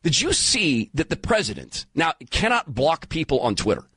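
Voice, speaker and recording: A man around fifty hosting a talk radio show, emphatic and animated, taking calls. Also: a little high, normal speed, husky, no room sound. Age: 50s. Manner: animated, emphatic, turns emotional. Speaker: guest radio host. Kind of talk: talk radio monologue and call-in.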